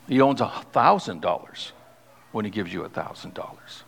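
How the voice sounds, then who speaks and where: A man preaching a sermon as pastor, reading scripture aloud and slowing down to stress key words. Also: lowish voice, expressive, vocal fry, a bit bright. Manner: reads scripture aloud, then explains it. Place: church sanctuary. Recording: long hall reverb.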